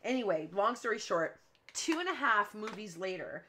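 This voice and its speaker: A woman's voice: medium pitch, expressive, moderate pace, sharp tone, slight background noise. Chatty woman rambling at her craft table. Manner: chatty, rambling storyteller who laughs often. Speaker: cardmaking show host. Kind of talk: casual livestream chat while crafting. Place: home craft room at her work table.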